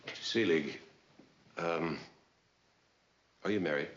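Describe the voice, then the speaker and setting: An actor playing a Navy defense lawyer who questions a witness calmly and shrewdly. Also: male voice, low voice, takes it slowly, a little hiss or hum. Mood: probing. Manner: calm and probing. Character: calm, shrewd male naval commander. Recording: dull old TV sound.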